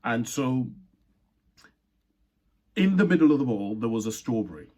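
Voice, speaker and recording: A man's voice: mid-range voice, very animated, normal speed, a little mellow. Reflective man from Uganda telling a story. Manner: reflective, repeats phrases, many fillers. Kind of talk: personal storytelling.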